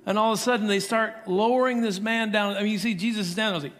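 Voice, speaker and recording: A man preaching a sermon, telling the story in an animated way and acting out the voices of the characters. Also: sits high, quick pace, hardly any pauses, big-room sound. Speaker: pastor.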